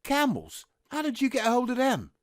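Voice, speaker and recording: A man's voice: lowish voice, animated, moderate pace, dry recording, studio quality, lightly acted. A man reading a cheeky working-class young soldier. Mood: cheerful. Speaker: actor in a script reading. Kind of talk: script reading.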